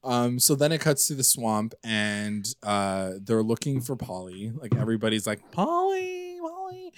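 A man co-hosting a casual podcast, recapping a TV episode in an animated, chatty way and acting out characters' lines. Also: fairly low pitch, moderate pace, smooth, no room sound, clean studio sound. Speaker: podcast co-host.

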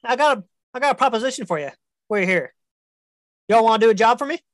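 A woman's voice: on the high side, lively intonation, quick pace, no echo, voice pushed up, lightly acted. A woman voicing a crude, ugly male dragon who talks aggressive street slang and swears constantly. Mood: scheming.

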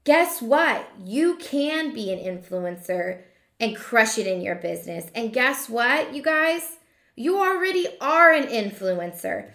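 A woman who is a hairdresser and business coach, giving a motivational monologue to fellow hairdressers with emphatic rhetorical questions and slowing down to stress key points. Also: fairly high pitch, very animated, a bit bright. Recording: echoey room.

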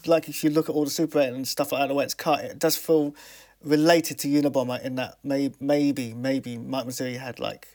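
A man's voice: mid-range voice, little pitch movement, brisk, darkish tone. A man speaking as a podcast guest in casual chat, laid-back and keen to move things along.

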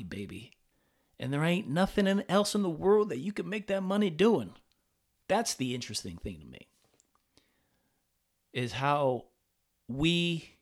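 A man hosting a podcast, talking in a rambling, profane casual monologue with many restarts. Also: medium pitch. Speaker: podcast host.

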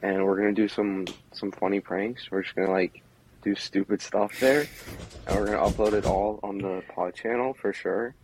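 A young man co-hosting a podcast in casual chat, laid-back and drawn-out, with lots of "like". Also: on the low side, steady tone, a little mellow, slight background noise, rough recording. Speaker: podcast co-host.

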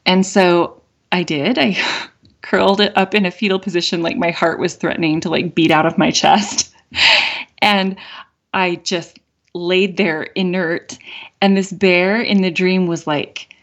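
A middle-aged woman hosting a podcast, telling a dream story in a soft, reflective way, with many "like" fillers and light laughs. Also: fairly low pitch, steady tone, measured pace. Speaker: podcast host. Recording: dull lo-fi audio with faint guitar.

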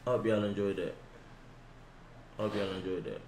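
A man's voice: lowish voice, steady tone, moderate pace, darkish tone, echoey room, slight background noise. A man co-hosting a podcast in casual reaction chat, laid-back and slangy, swearing often. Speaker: podcast co-host.

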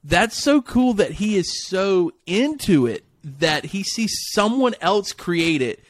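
A young man co-hosting a casual podcast, playful and quick to laugh. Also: high-pitched, expressive, no room sound. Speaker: podcast co-host.

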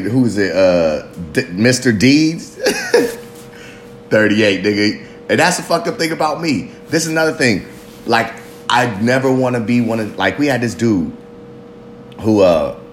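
Man in his thirties, solo confessional host, swears a lot, rambling, self-mocking, lively swinging pitch, roomy echo. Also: slight background noise. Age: 30s. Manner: rambling, profane, self-mocking, laughs often. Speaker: podcast host.

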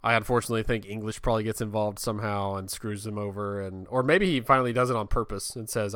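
A man co-hosting a casual chat, talking in a relaxed way and often repeating words as he starts a sentence. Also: fairly low pitch, fast talker, hardly any pauses, clean tone, no echo. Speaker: podcast co-host.

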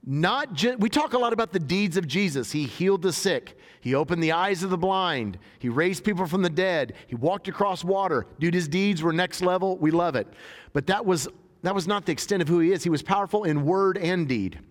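A man's voice: high voice, lively intonation, fairly quick. A man preaching a sermon in a casual, joking way, reading scripture and paraphrasing it in everyday talk. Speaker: pastor. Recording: long hall reverb.

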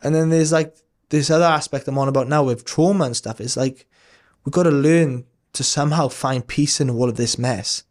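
A man's voice: mid-range voice, normal speed, darkish tone. A man in his thirties telling a personal story as a podcast guest, casual and earnest, rambling with frequent restarts and some swearing.

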